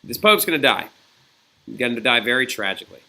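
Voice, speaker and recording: A man's voice: medium pitch, sing-song, brisk, gravelly, bright, forceful tone. A man teaching a recorded history lesson in a chatty, digressive way, often checking in with "right?" and "okay?". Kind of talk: recorded classroom lecture.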